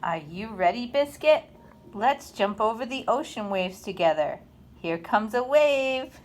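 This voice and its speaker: A woman reading a children's picture book aloud in an expressive, sing-song storytime manner. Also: a little high, takes it slowly.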